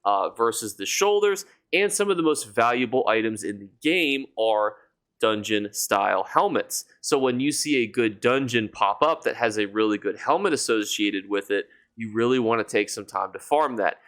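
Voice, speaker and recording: A man's voice: on the low side, expressive, normal speed, a bit bright. A man giving a game guide as a YouTuber, chatty and enthusiastic, speaking straight to his viewers. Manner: chatty and enthusiastic, addresses viewers as "you guys". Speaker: gaming YouTuber.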